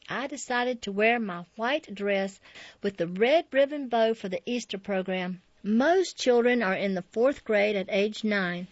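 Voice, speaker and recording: A woman reading a memoir as an audiobook in a soft, reflective way. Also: fairly high pitch, dry recording. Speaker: narrator. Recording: dull, dry lo-fi audio.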